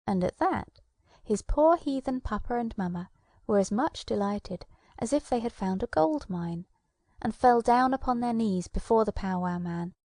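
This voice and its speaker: Woman audiobook narrator, dramatic storyteller, mid pitch, dry close mic. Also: no room sound. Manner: lively, dramatic storytelling with shifting voice. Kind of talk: scripted narration of a children's fantasy book.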